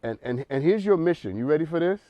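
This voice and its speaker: A man's voice: a little high, animated, fast, dry recording, dull audio. A man hosting a counseling talk show, speaking emphatically in a preacherly way and repeating words as he builds a point.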